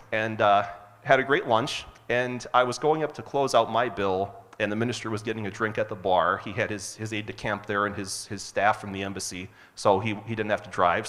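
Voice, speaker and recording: A man's voice: lowish voice, fairly even intonation, a little fast, a bit bright, big-room sound. A man telling a personal story on stage at a hotel event, earnest and conversational with frequent uh's.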